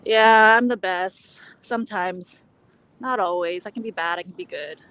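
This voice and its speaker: A Lao-born woman whose first language is Lao chats casually while live-streaming on her phone as she walks the city streets outdoors, answering her viewers as a travel vlogger. Her mid-range voice is smooth and a bit bright, at a moderate pace.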